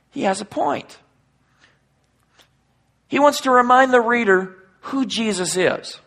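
A man preaching a sermon and reading scripture aloud. He swings between loud, forceful emphasis and hushed, near-whispered passages. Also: sits high, husky. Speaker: pastor.

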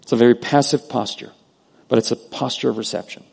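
A man preaching a sermon as pastor, earnest, moving between loud emphasis and hushed prayer. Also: mid-range voice, steady tone, brisk, vocal fry, breathy edge. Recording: long hall reverb.

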